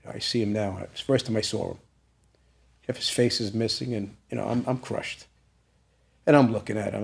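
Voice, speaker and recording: A man's voice: medium pitch, creaky, a little mellow. A man telling a personal story as a guest in an interview, emotional and at times rising to an urgent plea.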